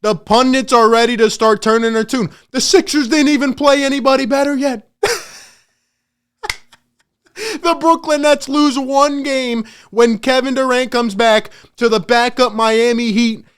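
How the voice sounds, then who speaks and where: A man hosting a sports channel, ranting in emphatic, excitable commentary and laughing often. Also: very high-pitched, a little slow, smooth.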